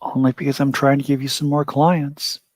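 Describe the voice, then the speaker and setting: A man plays his character in a tabletop game, answering calmly and dryly. His pitch sits in the middle. The sound is close, with no room echo. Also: normal speed. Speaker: player.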